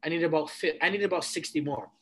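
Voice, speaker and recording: Animated young man telling a story. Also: a little high, fast talker. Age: 20s. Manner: animated, replays conversations with casual slang. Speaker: podcast guest. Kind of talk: casual storytelling.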